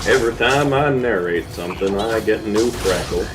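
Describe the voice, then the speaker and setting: A man co-hosting a gaming stream, chatting casually and jokily, now and then slipping into quick silly voices. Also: on the low side. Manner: animated, jokey, slips into quick silly voices. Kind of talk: casual chat. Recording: game music playing behind.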